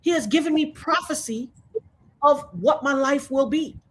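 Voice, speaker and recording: A woman's voice: high-pitched, normal speed, slight background noise. A woman in her fifties, telling her story with fervent, preacher-like conviction as an interview guest. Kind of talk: emotional testimony in conversation.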